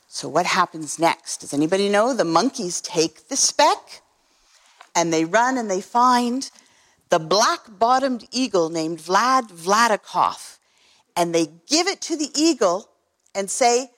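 Woman reading a story to kids, lots of ups and downs, slow and lively. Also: fairly high pitch. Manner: animated, asks the listeners questions. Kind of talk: reading a picture book aloud.

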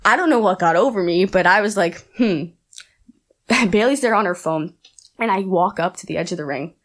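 A young woman talks as a guest on an interview show. She tells her story in a fast, rambling, chatty way, with lots of "like" and bursts of laughter. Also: medium pitch. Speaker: aspiring wrestler guest. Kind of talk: casual interview chat.

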